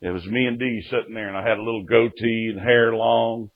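A man preaches his own testimony. He tells it folksy and down-home, swinging between quiet and loud. The recording sounds dull and lo-fi. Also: lowish voice, fairly even intonation, brisk. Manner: folksy storytelling with acted-out quotes and sudden jumps in loudness. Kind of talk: testimony sermon.

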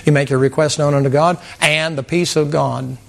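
A man preaching a sermon to a congregation in a folksy, animated way, repeating words and mimicking sounds. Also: fairly high pitch, moderate pace, creaky, a crowd in the background. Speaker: pastor. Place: church sanctuary with congregation.

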